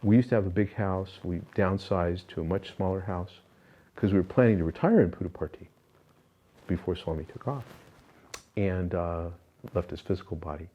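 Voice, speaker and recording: An older man with a mellow, low voice tells personal spiritual stories. He is earnest and reflective and often restarts his sentences. The sound is slightly muffled and lo-fi. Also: normal speed. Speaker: interview guest.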